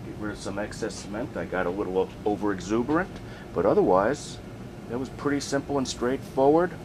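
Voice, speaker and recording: A man casually narrating a hands-on turntable repair in a relaxed, plainspoken way while he works in a home workshop. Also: on the low side, brisk, noisy background. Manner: relaxed, plainspoken, working as he talks. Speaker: hobbyist restoring a turntable.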